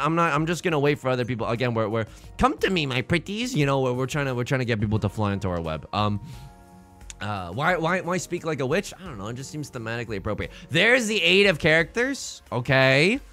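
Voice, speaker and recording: A man casually commentates his own gameplay and jokes as he reasons through each move. His voice is bright and very lively, with wide pitch swings. Faint music plays underneath. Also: fairly quick. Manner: excitable, jokey, thinking aloud. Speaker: let's play host.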